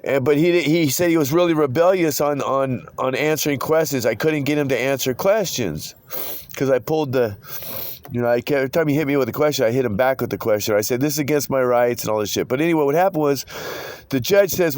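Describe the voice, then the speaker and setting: A man's voice: mid-range voice, fast talker, darkish tone, no echo. A man telling a long, rambling court story, cursing and quoting others in his own voice. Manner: rambling, profane, retells quotes in his own voice. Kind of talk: casual phone-style conversation.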